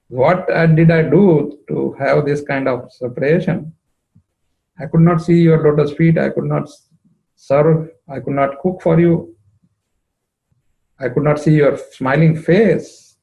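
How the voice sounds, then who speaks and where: A man's voice: fairly high pitch, steady tone, unhurried, vocal fry, narrow, tinny audio, pitched above the performer's own voice. A man voicing a grieving young goddess who pleads with her long-absent beloved, her voice choking with longing. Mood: pleading, anguished.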